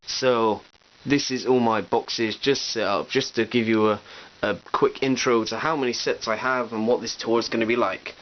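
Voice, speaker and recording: At normal speed and with fairly even intonation, a man with a mid-range voice shows off his toy collection on display shelves in a room at home. His vlog tour is chatty and upbeat with playful asides. A cheap digital camera captures dull audio with a faint hiss.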